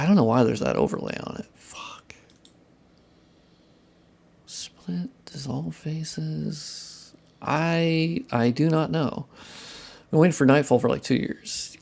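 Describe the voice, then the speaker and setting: Young man, gravelly voice, casual stream chatter, profane muttering, self-deprecating. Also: mid-range voice, a little mellow. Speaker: modding streamer. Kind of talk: casual live-stream chat while working.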